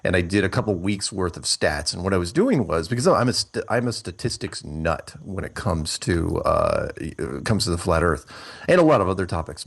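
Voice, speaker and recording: Deep-voiced man explaining at length. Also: husky. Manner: rambling, restarts often while explaining statistics. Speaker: guest. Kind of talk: casual podcast conversation.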